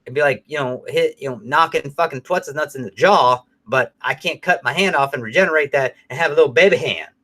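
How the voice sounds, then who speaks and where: A man's voice: on the high side, fairly quick, hardly any pauses. A middle-aged man co-hosting a show, chatting casually and telling stories in a rambling, profane way. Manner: profane, rambling, animated storytelling. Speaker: podcast co-host.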